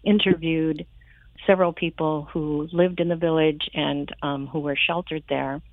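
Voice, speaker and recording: Low-voiced woman on a phone line. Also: steady tone, a little slow, no room sound. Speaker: children's author and guest. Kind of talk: radio interview over the phone. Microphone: telephone.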